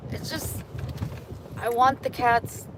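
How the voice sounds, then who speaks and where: A woman's voice: on the high side, fairly even intonation, takes it slowly, noisy background. A woman vlogging on her phone, talking frankly to her viewers and cooing at cats. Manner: cooing baby talk to cats, then frank venting to viewers. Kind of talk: casual vlog chat. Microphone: phone held in hand.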